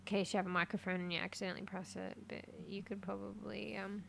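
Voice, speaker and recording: A woman streaming a game live in casual chat, easily excited and swearing freely, swinging between quiet muttering and loud outbursts. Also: mid-range voice, quick pace, gravelly, a little hiss or hum.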